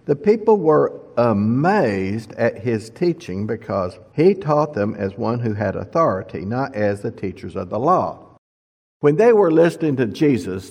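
A man's voice: medium pitch, darkish tone. A man teaching from the Bible in a sermon, reading scripture and adding plain storytelling asides for his listeners. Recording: long reverb of a hall.

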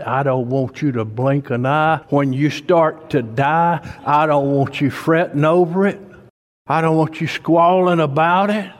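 A preacher delivering a folksy sermon, emphatic and slow-paced, his voice pushing up toward near-shouts. He sounds like he's in a church, with a long reverb hanging on every word. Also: mid-range voice.

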